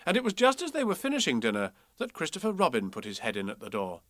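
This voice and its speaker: A man telling a children's story aloud, playful and expressive with a lively rise and fall. His voice is bright and a touch high, recorded close and dry. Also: fast, no echo.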